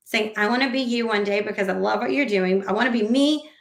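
A woman's voice: mid-range voice, quick pace, echoey room. A woman guest on a podcast, talking casually and animatedly, acting out quoted conversations and rambling with restarts. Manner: animated, acts out quoted dialogue; rambling with frequent fillers and restarts.

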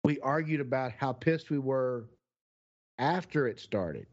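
A man's voice: mid-range voice, unhurried. A middle-aged man in casual chat, telling wry, candid stories about past relationships. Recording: dull lo-fi recording.

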